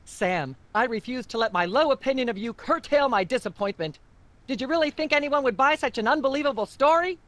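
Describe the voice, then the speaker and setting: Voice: high voice, lively intonation, a little fast, fairly bright tone, no echo. An actor voicing a prim, lecturing female talk-show host in a video game.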